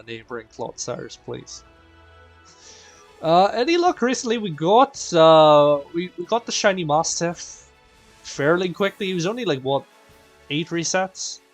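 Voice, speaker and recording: A man hosting a live stream, chatting playfully with his viewers. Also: a little high. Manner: animated and playful, addressing chat as "people". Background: faint game music.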